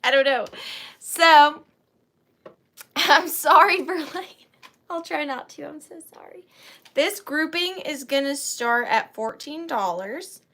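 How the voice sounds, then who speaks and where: A woman's voice: high-pitched, animated, slow pace, bright, forceful tone. A woman hosting a live online antiques sale from her home office, chatting with viewers by name and counting down bids. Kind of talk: live-stream auction chat.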